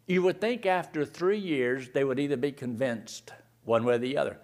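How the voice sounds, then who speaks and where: A male preacher delivering a sermon, firing rhetorical questions and reading scripture slowly, swinging between loud emphasis and hushed tones. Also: medium pitch. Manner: reads scripture slowly and deliberately.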